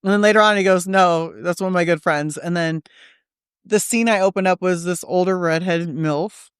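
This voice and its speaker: At normal speed, her lowish, smooth voice is captured in a dry, studio-quality recording. In casual storytelling chat as a podcast studio guest, she's animated, swears freely, and acts out quotes in varying voices.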